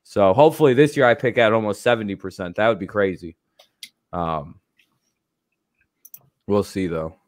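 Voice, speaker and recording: A man's voice: on the low side, normal speed, pauses often, no echo, clean studio sound. A man hosting a casual livestream, rambling loosely and swearing freely, with frequent laughs. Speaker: streamer host.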